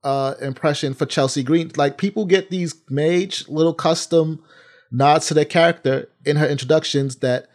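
A man's voice: a little high, moderate pace. A man co-hosting a podcast from a remote home studio, explaining things in easygoing casual chat. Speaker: podcast co-host.

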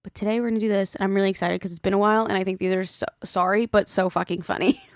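A woman's voice: medium pitch, steady tone, racing, no echo, clean studio sound. A woman co-hosting a casual podcast, reading listener emails aloud and chatting, swearing freely and laughing often. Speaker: podcast co-host.

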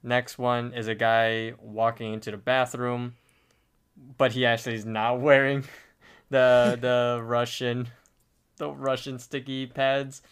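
A man's voice: medium pitch, flat delivery, slow, clear, resonant tone. A man hosting a podcast, recapping a cartoon episode in casual chat. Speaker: podcast host.

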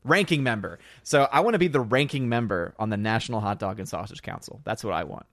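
A man's voice: on the low side, expressive, fast talker, a bit bright, no echo, studio quality. Chatty laughing male podcast host. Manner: chatty, laughs often, rambling. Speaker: podcast host reading chat. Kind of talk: casual chat.

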